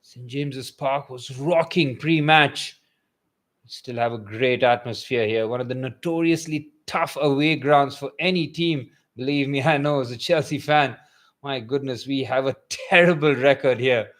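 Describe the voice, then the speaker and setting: Calling a match live for a fan watchalong, a young man swings between composed play-by-play and loud, excited outbursts. He speaks at medium pitch and a moderate pace.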